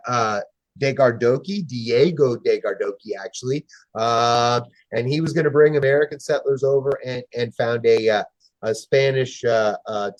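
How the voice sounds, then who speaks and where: A man who runs a history museum, talking as a guest in a casual interview, friendly but often pausing on fillers while he hunts for details. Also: mid-range voice, no room sound. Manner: hesitant, pauses often with fillers.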